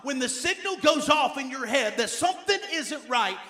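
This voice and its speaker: A man preaching a sermon as pastor, emphatic, repeating key phrases and swinging between loud urging and quiet asides. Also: very high voice, animated, moderate pace.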